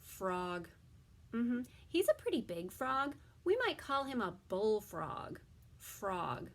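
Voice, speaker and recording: Slow, breathy preschool teacher woman. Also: mid-range voice, sing-song. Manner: slow, drawn-out words, often drops to a soft whisper. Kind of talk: toddler circle-time lesson.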